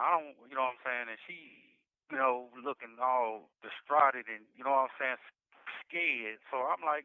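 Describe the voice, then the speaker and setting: A man's voice: mid-range voice, gravelly, dry recording. Guy telling his story over a jail phone, tinny line, stammers and repeats himself, speaks in dialect. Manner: halting, repetitive, frequent restarts and "you know what I'm saying". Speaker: incarcerated interviewee. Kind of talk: recounting past events in conversation. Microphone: jail phone call.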